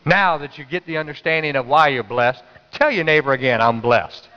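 A man's voice: fairly high pitch, expressive, moderate pace, hardly any pauses, big-room sound, dull audio, a little hiss or hum. A man preaching a sermon as pastor, telling stories in a conversational way and urging the congregation to answer back. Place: church sanctuary.

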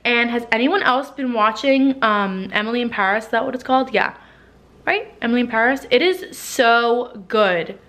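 This lifestyle vlogger, a young New Jersey woman, chats in her living room with a somewhat high, slightly bright voice at a moderate pace. Emotional and a touch out of breath, she fills her speech with "like" and swearing.

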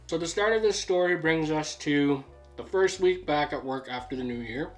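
A young man co-hosts a casual vlog and recounts a story in a relaxed, matter-of-fact voice. Faint background music sits quietly under his talk. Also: a little high, normal speed. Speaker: vlog co-host.

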